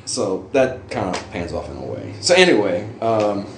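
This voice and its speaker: Lowish-voiced man telling stories, roomy sound. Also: moderate pace. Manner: animated, jumps into high voices for quoted reactions. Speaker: interview guest, costume hobbyist. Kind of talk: casual storytelling in an interview. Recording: roomy with faint ambient noise.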